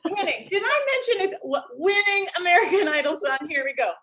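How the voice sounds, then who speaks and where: A woman's voice: very high-pitched, sing-song, a little fast, a bit bright. A young woman doing playful stand-up over a video call, laughing at her own jokes. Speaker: comedian.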